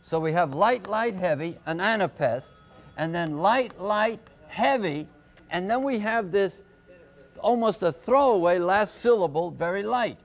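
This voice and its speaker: Guy teaching poem rhythm on a call-in homework show, slow, high-ish voice, walks you thru it step by step. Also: lively intonation. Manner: slow, patient, explains step by step. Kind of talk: live TV poetry lesson. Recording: telephone-era broadcast.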